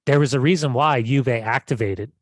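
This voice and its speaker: A man's voice: mid-range voice, moderate pace, no room sound. A man co-hosting a podcast, talking casually and animatedly, often repeating words as he starts a thought. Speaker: podcast co-host.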